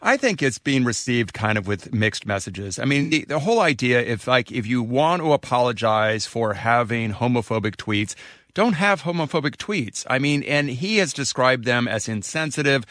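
A male commentator in a middle pitch arguing his point firmly and critically. His voice is close and dry, and he speaks at times in quick bursts. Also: expressive, fairly bright tone, no room sound. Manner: firm, critical and argumentative. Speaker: podcast host and entertainment commentator. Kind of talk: interview guest commentary.

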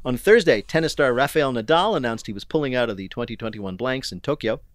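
A man hosting a news quiz, reading questions briskly and landing wry punchlines. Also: medium pitch, lively intonation, no room sound, clean studio sound. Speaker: quiz show host.

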